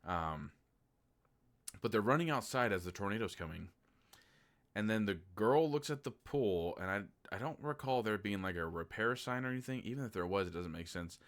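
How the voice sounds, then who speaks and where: A man's voice: fairly low pitch, expressive, moderate pace, a bit bright. A man from Oklahoma giving a casual, sarcastic movie review, swearing freely and acting out his own incredulous reactions. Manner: acts out incredulous reactions in a raised voice.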